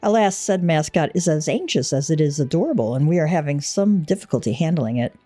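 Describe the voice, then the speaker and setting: A woman's voice: low voice, lively intonation, a little fast, warm tone, dry recording, soft background music. A woman reading as a stately eastern envoy. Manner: stately, archaic, ceremonious phrasing. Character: pompous formal male envoy from the Far East. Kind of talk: read-aloud game dialogue.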